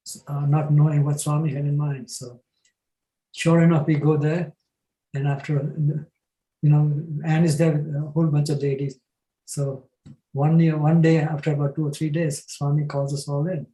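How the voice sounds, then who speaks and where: A man's voice: fairly high pitch, moderate pace. Older man telling a story, echoey room. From from New Jersey. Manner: relaxed anecdotal storytelling with chuckles. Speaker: panelist. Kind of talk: storytelling in a panel talk.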